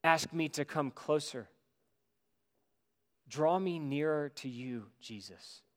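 A man delivers a sermon in a slightly raised voice, his words ringing out with a long hall reverb. He swings between emphatic, loud preaching and soft, hushed reflection. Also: on the high side, takes it slowly. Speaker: pastor.

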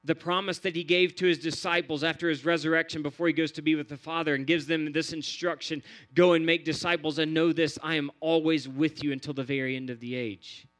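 A man's voice: fairly high pitch, steady tone, brisk, a bit bright. A man preaching a sermon in an earnest, repetitive cadence, building phrase on phrase. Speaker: pastor.

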